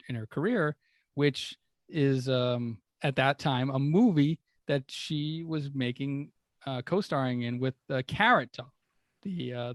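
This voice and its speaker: A man's voice: mid-range voice, no echo. A man co-hosting a podcast, animatedly retelling a story with lots of fillers and quoted lines. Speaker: podcast co-host. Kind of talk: casual storytelling chat.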